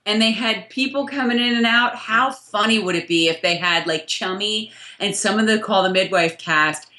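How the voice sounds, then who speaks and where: A woman co-hosting a casual chat, teasing and playful, with quick asides. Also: medium pitch, bright, forceful tone. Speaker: podcast co-host. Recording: echoey room.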